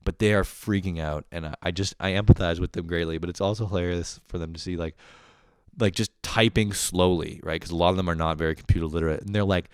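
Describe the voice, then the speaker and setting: A man's voice: deep voice, fairly even intonation, fast, clean tone, no echo, clean studio sound. A young man casually telling funny work stories on his podcast, swearing and laughing, breaking into squealing impressions. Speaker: podcast host. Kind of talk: casual solo storytelling.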